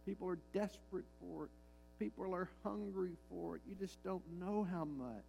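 A man's voice: high voice, moderate pace, vocal fry, darkish tone, soft background music, rough recording. A male pastor preaching a sermon, emphatic and repeating his key lines, with frequent rhetorical questions to the congregation.

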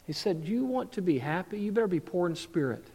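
A man preaching a sermon to his congregation, swinging between lively asides and hushed, earnest passages. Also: high voice, fairly quick, slightly rough. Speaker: pastor. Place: church sanctuary. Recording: church hall reverb.

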